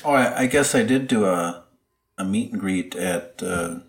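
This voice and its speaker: A man's voice: low voice, a little slow. A man co-hosting a podcast, chatting casually and telling rambling stories with lots of laughter. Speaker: podcast co-host. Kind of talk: casual chat.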